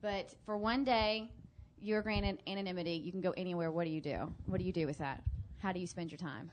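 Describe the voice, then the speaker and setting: A woman's voice: lowish voice, fairly quick, noisy background. A woman hosting a radio interview, asking questions in a playful, self-mocking way. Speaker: radio host.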